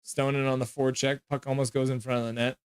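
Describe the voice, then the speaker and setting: A man streaming live reactions to a hockey game, calling plays in quick clipped bits between offhand chat remarks. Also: mid-range voice, level tone, clear, resonant tone, no room sound, clean studio sound. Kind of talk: casual live play-by-play commentary.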